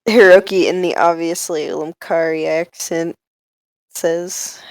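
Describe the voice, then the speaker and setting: A woman's voice: lowish voice, takes it slowly, no echo. A woman player narrating her character's actions in a tabletop game, playful in manner.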